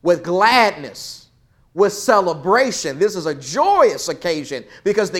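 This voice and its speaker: A man leading a Bible study lesson, quizzing the class and swinging from loud emphasis to quiet, soft remarks. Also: sits high, sing-song, unhurried. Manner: questions the class, swells loud then drops soft for emphasis.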